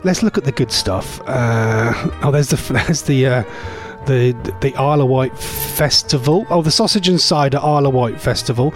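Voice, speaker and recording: A man presenting a casual radio show, rambling and chatty, his voice going a bit hoarse. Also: medium pitch, normal speed, soft background music. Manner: rambling, chatty, laughs often.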